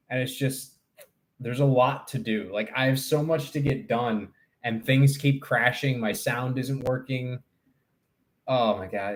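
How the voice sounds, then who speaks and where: Male streamer, young adult, unhurried, loose and joking, talks to chat from home. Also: medium pitch. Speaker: live streamer. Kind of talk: casual livestream chat.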